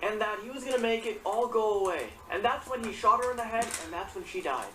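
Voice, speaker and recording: A woman's voice: fairly high pitch, fast talker, sharp tone, a little hiss or hum. A woman retelling a crime story in casual vlog commentary, indignant and blunt, swearing often. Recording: echoey room, far from the mic.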